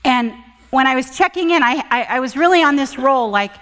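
Middle-aged woman, church guest speaker, earnest testimony; slightly high voice, echoing hall. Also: lively intonation, brisk. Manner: earnest, emphatic, swings from loud to hushed. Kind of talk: sermon with personal testimony.

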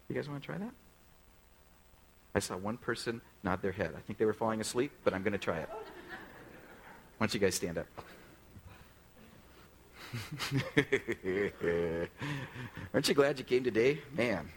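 A man's voice: fairly low pitch, lively intonation, a little slow, pauses often, a little hiss or hum, low-quality recording. A male pastor preaching a sermon in a conversational way, often putting direct questions to the congregation.

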